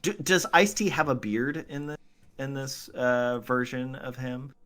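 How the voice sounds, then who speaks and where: A man's voice: mid-range voice, measured pace, fairly bright tone. A man co-hosting a podcast in casual film chat, full of quizzical questions. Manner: quizzical, asks lots of questions. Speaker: podcast co-host.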